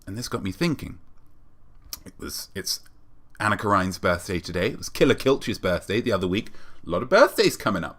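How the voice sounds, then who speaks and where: A man's voice: lowish voice, brisk. Theatrical young man hosting a comedy show. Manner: theatrical, swings from mock-solemn to loud excitement. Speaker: host.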